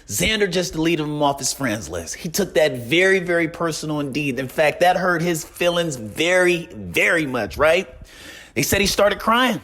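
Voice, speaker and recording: A man's voice: animated, moderate pace, a bit bright. A man hosting a gossip show in casual commentary, dramatic and full of rhetorical asides. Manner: dramatic, repeats "problem" and "right?"; swings from high to low pitch for emphasis. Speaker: community gossip show host.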